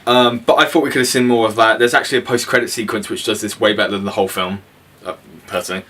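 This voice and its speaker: A man's voice: lowish voice, fairly even intonation, fast, fairly bright tone, slightly rough. A young man co-hosting a casual film review, blunt and opinionated, sweary, laughing often. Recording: voice from a distance.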